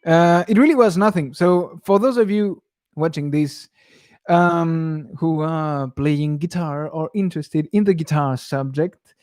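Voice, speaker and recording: A man's voice: fairly high pitch, unhurried, a little mellow, no echo, clean studio sound. A young man who teaches guitar, chatting casually on a live stream Q&A and rambling with frequent chuckles. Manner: rambling, self-interrupting, chuckles often.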